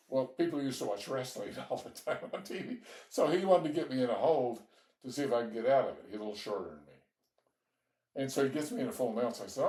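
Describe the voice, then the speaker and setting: A man's voice: medium pitch, expressive, fast talker, mellow, distant mic. An older man from Georgia telling rambling stories about his youth, with small laughs as he goes. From Georgia, United States. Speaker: interviewee telling his life story. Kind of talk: relaxed storytelling. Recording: echoey room, voice off-mic.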